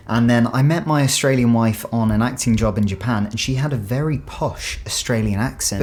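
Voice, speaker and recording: A young man with a British accent talks through a reaction video in a loose, chatty way. He is playful and keeps repeating words he has just heard. His voice sits at an ordinary middle pitch. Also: a little mellow. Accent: British English. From Britain. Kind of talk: casual reaction chat.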